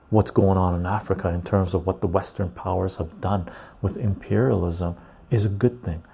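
A low-pitched man with a dark, rough, fry-edged voice hosts a casual talk show. He tells stories and rants bluntly, often tagging his points with "right?". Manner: blunt, ranting, loose storytelling with frequent "right?". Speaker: podcast host.

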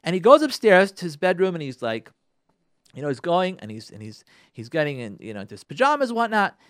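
A man's voice: on the high side, very animated, fast talker, dry recording, clean studio sound. A man on a radio show telling a story and giving marriage advice, repeating phrases for emphasis and speaking straight to the listeners. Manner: addresses listeners directly. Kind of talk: storytelling talk on relationships.

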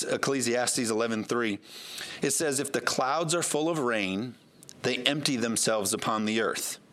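A man's voice: mid-range voice, fairly bright tone. Pastor guy preaching, earnest and chatty, reads scripture out as he goes. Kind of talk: sermon.

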